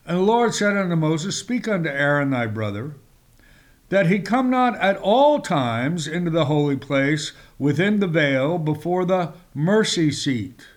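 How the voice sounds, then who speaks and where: A man preaching a sermon, speaking with emphatic rises and reading scripture passages aloud in old-fashioned wording. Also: sing-song. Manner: slow, emphatic delivery with sudden rises in pitch.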